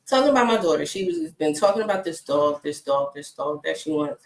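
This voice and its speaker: A woman's voice: low-pitched, brisk, few pauses, darkish tone. A woman who works as a single mom coach, telling stories in a casual chatty vlog and laughing often. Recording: echoey room.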